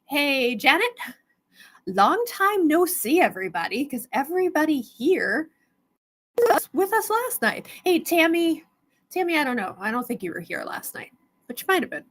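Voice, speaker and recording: A woman's voice: high-pitched, sing-song, moderate pace, a bit bright. A woman hosting a live stone sale stream, chatting casually and greeting viewers by name.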